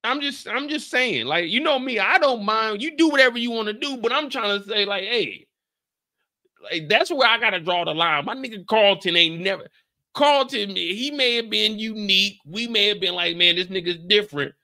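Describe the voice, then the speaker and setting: A young man from the Bay Area hosting a casual TV recap, talking in an animated, profane way. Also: high-pitched, moderate pace. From San Francisco Bay Area. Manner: animated, profane, acts out scenes with shouted put-on lines. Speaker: recap show host.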